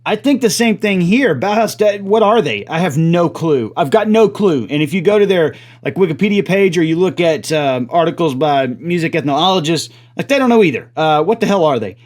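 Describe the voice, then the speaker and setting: A man in his forties hosting a music reaction video, talking in an animated, excitable way with some casual swearing. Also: a little high, fairly quick, few pauses. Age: 40s.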